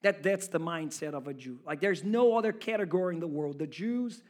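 A man's voice: on the high side, fairly quick. A male pastor preaching a sermon in an emphatic, rhetorical way, speaking straight to his listeners. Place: church service.

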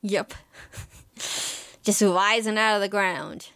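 A woman's voice: mid-range voice, steady tone, takes it slowly, fairly bright tone, clear, resonant tone, no room sound, studio quality. A woman co-hosting a casual podcast, recapping an anime episode in a chatty, emotional way with lots of fillers. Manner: chatty and emotional, with many fillers and quoted lines. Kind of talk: casual chat.

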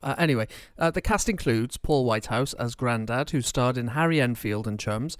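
A man's voice: medium pitch, animated, normal speed, clean tone, dry recording, studio quality. A man co-hosting a radio show, reading cast lists with jokey, self-mocking asides. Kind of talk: casual radio chat.

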